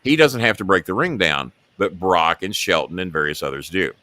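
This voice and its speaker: A man's voice: deep voice, expressive, moderate pace, pushed and bright, dry recording. A middle-aged man hosting a talk show, telling a long story and acting out the quotes in it.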